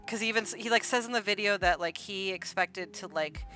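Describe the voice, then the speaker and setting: A woman's voice: medium pitch, a little fast, sharp tone, faint music behind. A woman hosting an art livestream, casually retelling online drama in a rambling way full of "like" and "um". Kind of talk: casual gossip storytelling.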